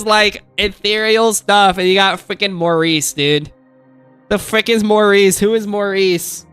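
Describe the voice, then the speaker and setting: Bright, exasperated young gaming streamer. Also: male voice, high-pitched, measured pace, clean tone, dry recording, faint music behind. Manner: exasperated ranting, repeats phrases, says dude. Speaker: gaming channel host. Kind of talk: let's play commentary.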